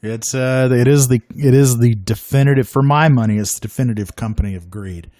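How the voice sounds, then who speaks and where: A man's voice: mid-range voice, brisk, mellow, dry recording, clean studio sound. A man co-hosting a casual panel podcast, giving strong opinions emphatically. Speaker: podcast co-host.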